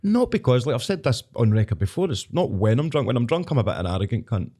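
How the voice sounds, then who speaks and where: Fast-talking gruff Scottish man. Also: medium pitch, sing-song, warm tone. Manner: blunt, sweary, storytelling. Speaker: podcast host. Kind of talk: casual chat.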